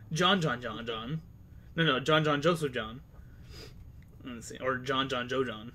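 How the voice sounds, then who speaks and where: A man's voice: mid-range voice, takes it slowly, pushed and bright. A man with a slightly sore throat chatting casually and rambling as the game master of an online tabletop game, swearing now and then. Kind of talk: casual game stream chat.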